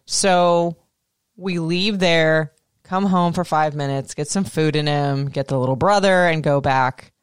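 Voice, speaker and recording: A woman in her thirties, co-hosting a casual chat, animated and swearing freely. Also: sits low, smooth, dry recording, clean studio sound. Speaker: podcast co-host.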